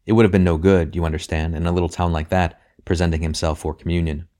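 Deep-voiced male audiobook narrator. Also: little pitch movement, quick pace, warm tone. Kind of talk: audiobook reading.

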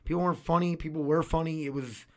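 A man's voice: fairly high pitch, fairly even intonation, fast talker. Rambling, cursing man talking at home. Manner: rambling, swears freely, repeats words and restarts. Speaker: vlogger. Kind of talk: casual rambling monologue. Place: home room with laundry machine running.

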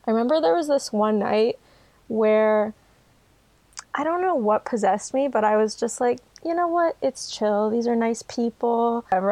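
A woman's voice: a little high, a little mellow, dry recording. A young woman in casual chat, telling her own story candidly and laughing often.

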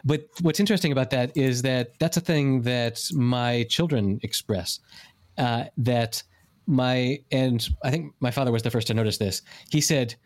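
A man's voice: mid-range voice, moderate pace. A man in his forties talks casually on a podcast. He rambles, circling back and restarting his thoughts as he goes. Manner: rambling, with many restarts and fillers. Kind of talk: casual chat.

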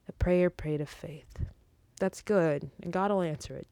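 A young woman with a fairly low voice talks through her faith in a loose, rambling way. She preaches a little and drops in joking asides. The sound is close and dry. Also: unhurried, creaky, mellow, clean tone, no room sound. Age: young adult. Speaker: Christian vlogger. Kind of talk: casual faith talk with spoken prayer.

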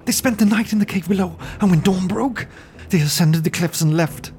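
Frightened female harpy voiced by a man, high melodic voice, trembling, fantasy game podcast. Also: normal speed, darkish tone, slight background noise, natural voice. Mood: fearful. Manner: trembling, fearful.

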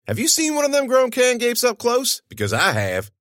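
A man's voice: very high-pitched, huge pitch swings, moderate pace, fairly bright tone, no echo, clean studio sound, voice pushed up, exaggerated voice. A male audiobook narrator voicing a blunt, impatient young man with a terse manner.

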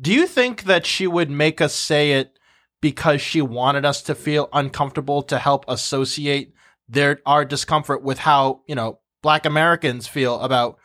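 A man's voice: on the high side, normal speed, fairly bright tone. A young man co-hosting a casual chat, laughing often and hedging with "uh" as he recalls school. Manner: laughs often, hesitant with "uh" fillers.

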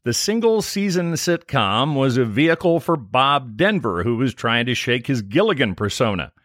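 A man's voice: medium pitch, very animated, moderate pace, fairly bright tone, dry recording, clean studio sound. A man co-hosting a podcast, reading a scripted episode recap with trivia in an upbeat manner. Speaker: podcast co-host.

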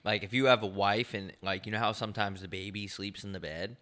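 A man's voice: fairly low pitch, fairly even intonation, fairly quick, bright, forceful tone. A young man co-hosting a podcast, joking loosely and crudely in casual chat. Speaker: podcast co-host.

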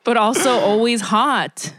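A woman's voice: a little high, lively intonation, unhurried, fairly bright tone, no echo, studio quality. Giggly woman co-hosting a podcast. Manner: giggly, playful, teasing. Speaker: podcast co-host. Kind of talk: casual comedic chat.

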